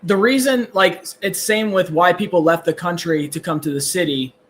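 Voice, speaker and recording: Chatty higher-voiced man debating. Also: normal speed, fairly bright tone. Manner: chatty, fills with "like" and "right?". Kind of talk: casual heated debate.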